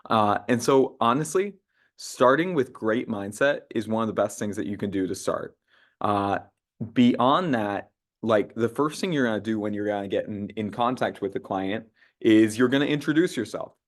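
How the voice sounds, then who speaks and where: A man's voice: lowish voice, normal speed. A young man running an online sales training call, talking casually with lots of fillers and restarts. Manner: conversational, many "uh" fillers and restarts, acts out sample phone lines. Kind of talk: casual team training talk.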